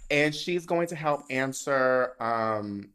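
A man hosting a podcast in casual chat, animated and sassy, swearing freely and laughing often. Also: medium pitch, takes it slowly, smooth. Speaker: podcast host.

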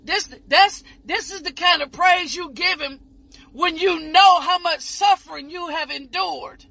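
Impassioned woman preacher, whooping high. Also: a little slow, creaky, no room sound. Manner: impassioned, shouting and whooping, voice breaking as if crying. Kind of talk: ecstatic sermon. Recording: muffled lo-fi recording.

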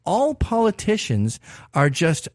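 A man's voice: high voice, wildly swooping pitch, slow pace, darkish tone, no room sound. A man hosting a podcast, delivering a profane, provocative and sarcastic opinion monologue into a close mic. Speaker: podcast host.

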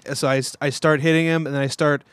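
A young man in casual podcast chat, rambling and halting, with many fillers and laughs. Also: fairly high pitch, little pitch movement, fairly bright tone, smooth, dry recording.

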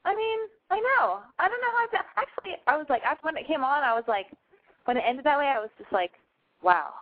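Profane, excitable woman hosting a call-in show. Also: high-pitched, fairly quick. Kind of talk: casual call-in chat. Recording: tinny phone-like sound.

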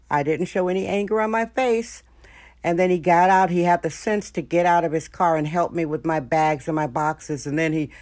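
This woman's voice is lowish and a little mellow, recorded dry at studio quality. As a podcast host in San Francisco, she tells a story casually and frankly, talking right to her audience.

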